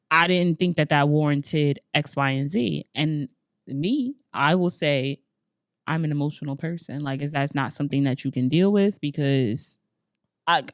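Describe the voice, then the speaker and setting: A woman's voice: low voice, moderate pace, no room sound, studio quality. A woman co-hosting a podcast, talking openly and casually about her feelings, with plenty of "like" and "you know". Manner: candid, emotionally open, chatty. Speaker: podcast co-host.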